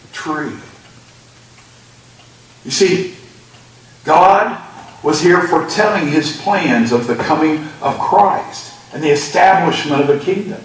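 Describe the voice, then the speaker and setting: A man's voice: high-pitched, a bit bright, a little hiss or hum. A male pastor preaching a sermon and reading Scripture with emphasis. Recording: echoey church sound from a distant mic.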